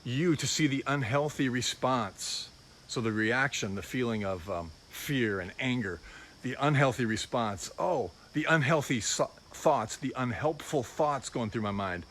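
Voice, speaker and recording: A man's voice: mid-range voice, slow, a bit bright, a little hiss or hum. A middle-aged man giving an informal, personal sermon as a pastor, reflective and confessional.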